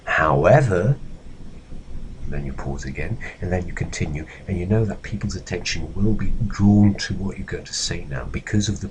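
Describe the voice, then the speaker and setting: A man's voice: sits low, noisy background. A man with a Belgian Dutch-speaking accent, a native Dutch speaker, giving a recorded lecture on presentation skills and acting out example phrases as he explains.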